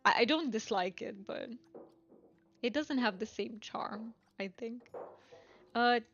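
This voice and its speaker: A woman's voice: fairly high pitch, slow pace, fairly bright tone, highs cut off, soft background music. A woman streaming a game, chatting casually and musing aloud to her viewers. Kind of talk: casual gameplay commentary.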